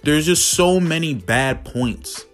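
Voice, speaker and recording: A man's voice: a little high, slow. A man reviewing a show in a casual, profane, exasperated rant full of fillers, with faint music behind him. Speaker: video reviewer.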